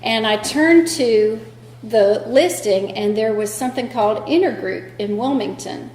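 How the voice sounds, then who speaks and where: A woman shares her recovery story at a meeting, candid and self-deprecating as she acts out what others said. Her voice sits a little high. The sound carries the echo of a roomy hall with a faint hum underneath. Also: a little slow, a little mellow. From North Carolina. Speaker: AA speaker. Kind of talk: personal recovery talk.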